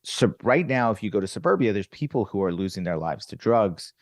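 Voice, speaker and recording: This Virginia-born comedian speaks on the low side and a little fast, recorded in studio quality without echo. Appearing as a guest, he chats casually and animatedly acts out the characters in his stories.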